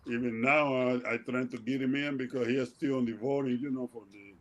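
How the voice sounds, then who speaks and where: Older man, animated laughing storyteller. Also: medium pitch, a little fast, highs cut off. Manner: animated, laughing, acts out remembered exchanges with raised voice. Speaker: guest, retired baseball player. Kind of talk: casual storytelling on a talk show.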